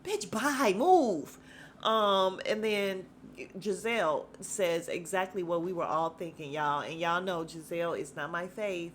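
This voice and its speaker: A woman hosting a podcast, recapping a reality show in a loose, slangy, animated way and breaking into laughter as she acts out the cast's lines. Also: on the low side, unhurried, a little hiss or hum. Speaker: podcast host.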